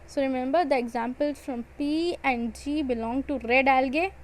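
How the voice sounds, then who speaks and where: A woman's voice: sits high, normal speed, a little hiss or hum, rough recording. A woman with an Indian English accent giving an exam-prep biology lecture, repeating and stressing key points. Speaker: biology teacher.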